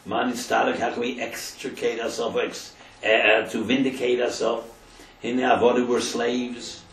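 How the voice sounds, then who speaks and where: A man teaching a Torah class as a rabbi. He tells the story, acts out the quotes, and swings between quiet asides and loud emphasis. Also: mid-range voice, little pitch movement, moderate pace, reverberant, recorded from a distance, poor audio.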